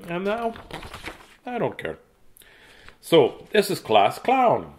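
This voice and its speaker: A middle-aged man reads a children's book aloud in a chatty, jokey way. His voice moves a lot in pitch and stays lively throughout. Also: normal speed. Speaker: host reading children's books. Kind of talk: casual read-aloud to a live chat.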